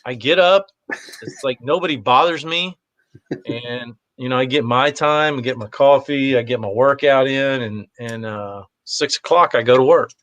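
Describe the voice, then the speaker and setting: A man's voice: medium pitch, moderate pace, fairly bright tone, no echo. A man talking as a guest in a casual chat, easygoing and rambling, with lots of fillers. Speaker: guest, competitive shooter.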